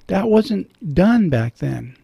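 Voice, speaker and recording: Gravelly earnest man in a radio studio. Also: high voice, big pitch swings, slow, dry recording, dull audio. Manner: earnest, preacherly, emotional when quoting scripture. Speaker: radio talk show host and clergyman.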